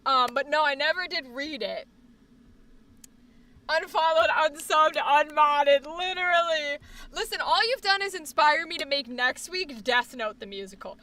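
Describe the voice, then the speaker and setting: A young woman streamer chatting casually on a live stream, rambling, swearing often and breaking into sudden loud outbursts. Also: sits high, animated, normal speed, recorded from a distance.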